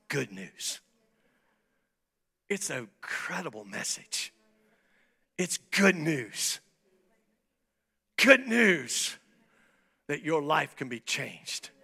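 A man preaching an impassioned evangelistic sermon as a pastor in a church, swinging between shouts and hushed near-whispers. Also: fairly high pitch, vocal fry, slightly rough.

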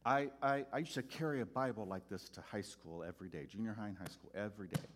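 A middle-aged preacher tells his own story to an audience, swinging between hushed and loud. His voice is on the low side and he talks fast.

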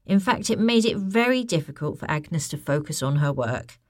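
A woman reading a children's story aloud, lively and expressive, asking the listener questions. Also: sits low, moderate pace, dry recording, clean studio sound.

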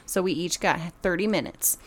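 A woman co-hosting a podcast, telling animated stories in casual chat. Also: fairly low pitch, normal speed, slight background noise. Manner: animated storyteller, acting out family scenes. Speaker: podcast co-host.

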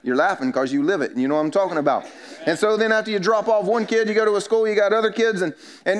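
A man, a pastor preaching a sermon in a church and telling stories with self-mocking humor. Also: sits high. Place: church sanctuary.

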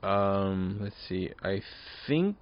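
A man's voice: low-pitched, expressive, extremely slow. A drunk man in his early twenties hosting his own podcast alone, rambling, swearing and repeating himself. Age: 20s. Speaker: podcast host. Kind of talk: casual solo podcast rant. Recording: dull lo-fi recording.

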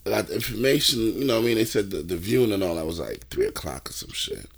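A man with a very low voice talks easily with his co-host about his week. He circles back on his own phrases and fills the gaps with "um," without any rush. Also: animated, fast, breathy edge. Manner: laid-back, repeats phrases, lots of fillers. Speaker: podcast co-host. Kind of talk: casual chat.

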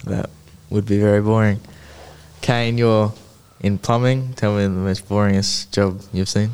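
A man's voice: on the low side, fairly even intonation, a little slow, a little mellow, clear, resonant tone. A teenage man, a carpentry student co-hosting a podcast and putting plain questions to the others.

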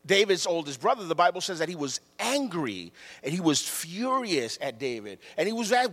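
A man preaching a sermon in animated storytelling style, often repeating his phrases. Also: high-pitched, moderate pace, hardly any pauses, big-room sound.

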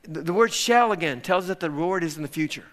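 A middle-aged man preaching a sermon, animated, dropping to hushed tones and then rising to loud exclamations. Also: fairly high pitch, quick pace. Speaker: pastor.

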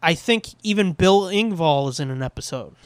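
A man co-hosting a podcast, chatting casually with lots of swearing and quick voice impressions. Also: a little high, clean tone. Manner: animated, swears a lot, mimics voices. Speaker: podcast co-host. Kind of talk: casual profane chat.

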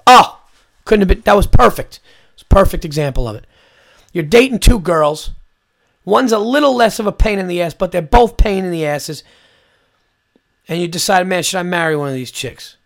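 A man's voice: high-pitched, a bit bright. A man hosting his own podcast, ranting in a loose comedic monologue with speech, lots of swearing and acted-out quotes. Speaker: podcast host.

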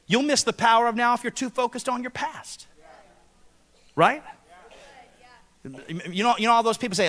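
A preacher with a lilt delivers an impassioned sermon from a church stage. His voice sits high for a man. He moves from ringing calls to the congregation down to quiet, intimate storytelling. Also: fairly quick, long pauses, in a large hall. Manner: impassioned preaching, swinging between shouting and hushed storytelling. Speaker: pastor.

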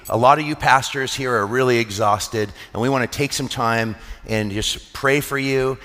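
Earnest pastor preaching in a reverberant hall. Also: male voice, mid-range voice, a bit bright. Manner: earnest, conversational storytelling with restarts. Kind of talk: sermon.

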